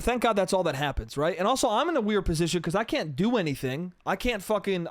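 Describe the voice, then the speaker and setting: A young man rants through a story on his solo podcast, profane and exasperated, mocking the people he quotes. His voice sits fairly high for a man and sounds close and dry, with no room around it. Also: dry recording. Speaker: podcast host.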